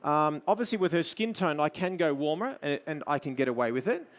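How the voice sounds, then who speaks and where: Australian male presenter, fairly high voice, live photo demo, drops to soft murmurs when directing the model. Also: animated, fairly quick. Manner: coaxing a model with soft murmured praise between explanations. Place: studio demo before an audience.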